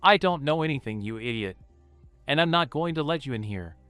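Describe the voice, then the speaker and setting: Sharp-tongued young ninja woman read by a man, curt, scornful, lively pitch. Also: brisk, smooth, no room sound, soft background music.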